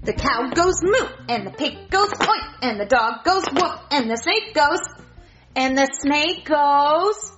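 A frazzled young mom, voiced by a woman talks in a very high, lively, exasperated voice for a puppet comedy. The recording is muffled with soft music behind. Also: slow pace. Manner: exasperated, shrill.

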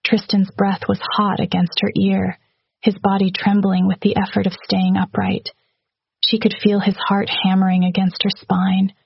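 A woman reading a romantic fantasy story aloud in a steady, even narration, with hushed dialogue. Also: medium pitch, creaky, breathy edge, dry recording, dull audio. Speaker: audiobook narrator. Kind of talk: scripted narration.

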